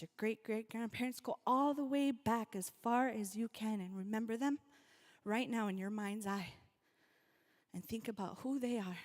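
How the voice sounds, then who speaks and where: A woman's voice: on the high side, darkish tone. A woman from North Dakota giving a rally speech, calling out to the crowd and leading the audience through a reflection. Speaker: event speaker.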